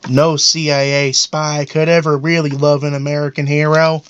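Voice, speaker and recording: Man impersonating a paranoid cartoon dad, self-important rambling, pitched a bit high, muffled lo-fi sound. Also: little pitch movement, moderate pace, slight background noise, close to an everyday voice. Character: paranoid, boastful middle-aged cartoon dad. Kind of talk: comedic character monologue. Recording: dull lo-fi audio.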